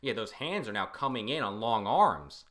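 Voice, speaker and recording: A man casually recapping and reacting to a comic, animated, laughing often and swearing. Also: on the low side, normal speed. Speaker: reaction video host.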